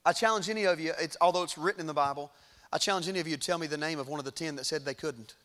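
High, bright-voiced preacher telling a story. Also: male voice, racing. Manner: dramatic storytelling, swinging between hushed and loud. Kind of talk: sermon.

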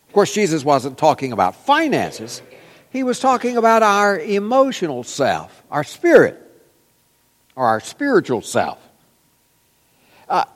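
A man preaching a sermon, telling folksy stories with frequent fillers. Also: on the high side. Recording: long reverb in a large hall.

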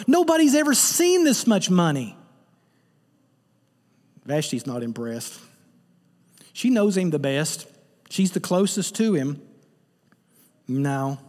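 A man preaching a sermon, telling the story with jokes and animated asides. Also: high-pitched, measured pace, pauses often, in a large hall. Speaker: pastor.

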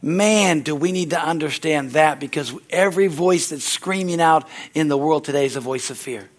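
A man preaching a sermon in a conversational style, often asking the congregation "Amen?" and acting out quoted voices, rising loud at climaxes and dropping soft. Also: fairly high pitch, moderate pace. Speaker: pastor.

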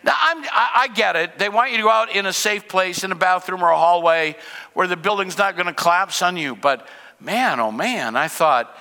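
A man's voice: high voice, lively intonation, moderate pace, sharp tone, in a large hall. An older man preaching a sermon in a conversational way, asking rhetorical questions and mixing in humor. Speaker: pastor.

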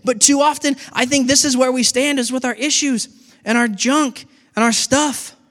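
Man, middle-aged, pastor, sermon, high voice, animated, long reverb. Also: normal speed. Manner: animated, acts out dialogue with God.

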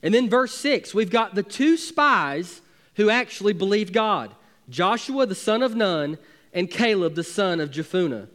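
A pastor delivers a sermon in a notably high voice. He preaches emphatically, pressing his points with building force. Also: lively intonation, a little slow, fairly bright tone. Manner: emphatic preaching with rising intensity.

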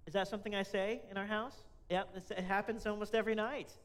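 A man's voice: sits high, steady tone, fast talker. A man, a pastor, giving a conversational sermon and asking the congregation questions.

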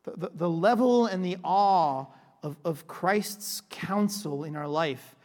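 A man's voice: sits high, slow pace, darkish tone, big-room sound. A male pastor giving a sermon in a conversational, joking way, often asking 'right?' as he teaches. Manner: conversational, repeats 'right?' and restarts, playful asides.

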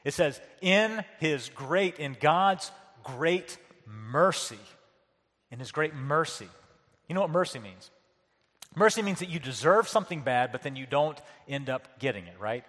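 A man's voice: on the high side, fairly bright tone. Preaching man in a reverberant hall. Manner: earnest preaching with repeated words and questions to the congregation. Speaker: pastor. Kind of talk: sermon.

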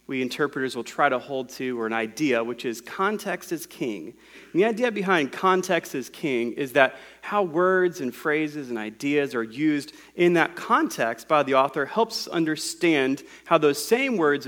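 A man with a fairly high voice delivers a sermon to a gathered congregation. He unpacks scripture word by word, teaching as much as preaching. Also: fairly bright tone. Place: room with a congregation.

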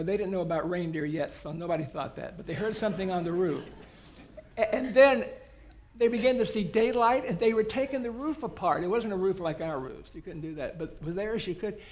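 A man's voice: high-pitched, a little mellow. A man preaching a sermon as a guest preacher, telling the story in a folksy, humorous way.

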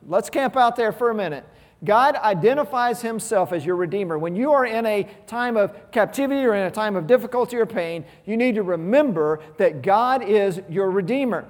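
High-voiced preaching man in a reverberant hall. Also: animated, normal speed. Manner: emphatic, repeats key words, rhetorical questions. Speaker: pastor. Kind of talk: sermon. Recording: long reverb of a large hall.

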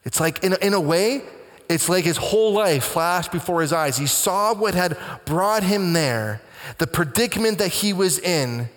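A male pastor preaching a sermon with dramatic swings between hushed and booming delivery. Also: lively intonation, moderate pace, long reverb tail.

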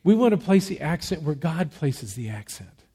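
Male pastor, sermon delivery, emphatic and measured, slightly raised pitch, nursing a cough. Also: very animated, warm tone, breathy edge. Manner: measured, emphatic preaching with rhetorical questions. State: fighting a cough.

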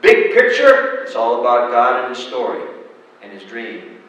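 A man pastor preaching a sermon and telling a parable, dramatic and shifting between loud and soft. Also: mid-range voice, huge pitch swings, a little slow. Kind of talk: sermon with storytelling. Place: church sanctuary. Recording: echoey hall, distant mic.

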